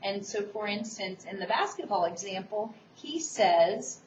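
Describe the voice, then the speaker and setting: Quick, enthusiastic woman instructor, far off. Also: mid-range voice, expressive, a little mellow, a little hiss or hum. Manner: explanatory, instructive. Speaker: public speaking instructor. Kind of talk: recorded course lecture. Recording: distant, roomy, dull recording.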